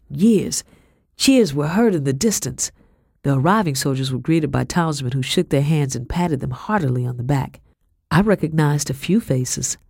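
A woman narrating a first-person audiobook in a measured, steady storytelling voice. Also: low-pitched, no room sound, clean studio sound.

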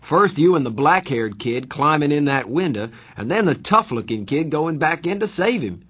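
A man reading a story aloud, voicing a kindly adult man who calmly reassures an injured boy. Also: a little high, moderate pace, breathy edge, voice pushed up, heavily acted. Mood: admiring. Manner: soothing, earnest, steady.

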